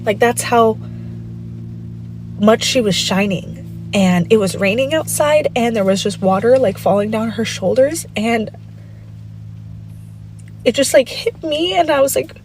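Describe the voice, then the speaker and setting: A woman's voice: fairly high pitch, animated, unhurried, long pauses, a little mellow, a little hiss or hum, rough recording. A woman, a stay-at-home mom, telling a personal story in an earnest, rambling way with frequent ums.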